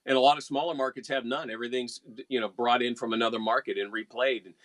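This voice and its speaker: A man's voice: mid-range voice, steady tone, quick pace, fairly bright tone, dry recording. A man from West Virginia, a veteran radio announcer co-hosting a casual chat show, talking in an easygoing, wry, teasing way.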